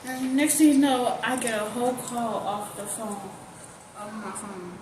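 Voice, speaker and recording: A woman's voice: on the high side, unhurried. A woman, the host's daughter, casually retelling what happened and acting out the quotes as she goes. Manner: animated retelling with acted-out quotes. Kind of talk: casual storytelling. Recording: echoey, distant from the mic, noisy background.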